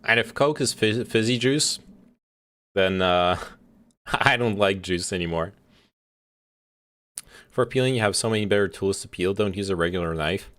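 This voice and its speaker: Low-voiced man chatting on stream. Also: normal speed, pauses often, a bit bright. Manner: chatty, swears often, laughs, talks while eating. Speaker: livestreamer reacting to a video. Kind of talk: casual chat.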